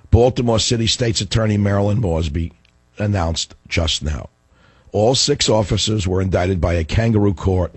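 A middle-aged man hosting a radio talk show, hoarse as his voice gives out, ranting in a fiery, combative way. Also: fairly low pitch, dry recording. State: hoarse, voice going.

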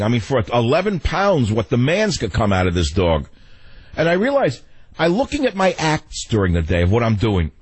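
A man hosting a radio talk show, ranting in an animated, exasperated way into a studio mic. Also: mid-range voice, husky, dry recording.

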